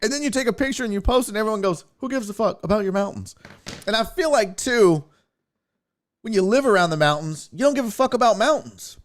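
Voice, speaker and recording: A young man tells stories from his trip in a loose, casual way, swearing freely and acting out the people in them. His voice sits a little high and swings widely up and down as he talks. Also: a little fast. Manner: profane, animated, acts out quotes. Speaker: podcast host. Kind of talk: casual storytelling.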